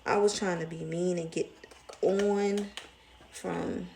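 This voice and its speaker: A woman's voice: fairly low pitch, fairly even intonation, slow, gravelly, darkish tone, a little hiss or hum. A young woman with a Southern US accent, rambling emotionally in a casual storytime vlog. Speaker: vlogger.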